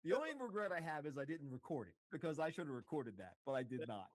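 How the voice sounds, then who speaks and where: A man's voice: on the high side, fast talker, no echo. A middle-aged man, a radio host, telling a story in casual conversation and acting out the dialogue with laughs. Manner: animated, acts out dialogue with laughs. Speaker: radio host, interview guest.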